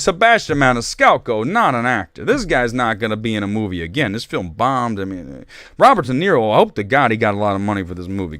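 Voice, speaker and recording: A man's voice: fairly low pitch, fairly bright tone, no echo. A man hosting a live stream of movie talk, joking and rambling as he reads viewer comments. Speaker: host.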